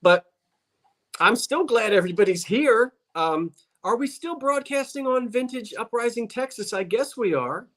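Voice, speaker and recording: A man's voice: very high-pitched, lively intonation, moderate pace, a bit bright. A man with a South Jersey Delaware Valley accent, chatting and rambling on a video call livestream. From South Jersey, USA. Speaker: guest on livestream. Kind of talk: casual livestream chat.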